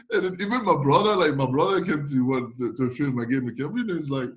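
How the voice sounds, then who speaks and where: Animated, laughing former footballer telling stories. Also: male voice, on the high side. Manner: animated, laughing often, acting out others' voices. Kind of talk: casual storytelling in an interview.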